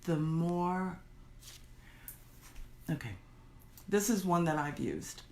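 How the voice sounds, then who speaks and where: A woman teaching a workshop in a chatty, animated way, acting out the worried inner voices of her listeners. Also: on the low side, slow, slight background noise. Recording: roomy echo.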